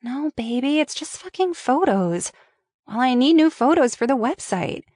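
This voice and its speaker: A woman's voice: sits high, lively intonation, moderate pace, darkish tone, no echo, clean studio sound, pitched above the performer's own voice. A woman voicing a young woman arguing defensively with her boyfriend on the phone, while reading a script aloud. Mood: exasperated. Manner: defensive, raised and exasperated.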